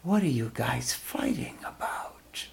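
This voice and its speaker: A man voicing an enchanting divine woman who speaks softly, calmly and sweetly as he retells a sacred story. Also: high-pitched, a little slow, gravelly, loud music behind the voice, pitched above the performer's own voice, exaggerated voice. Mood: soothing. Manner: soft, calm, sweetly coaxing.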